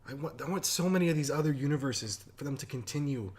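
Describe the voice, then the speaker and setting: A man's voice: medium pitch, fast talker. A man co-hosting a casual podcast, rambling with many restarts and fillers, talking into a desktop mic at home. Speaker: podcast co-host. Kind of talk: casual chat. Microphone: desktop USB mic.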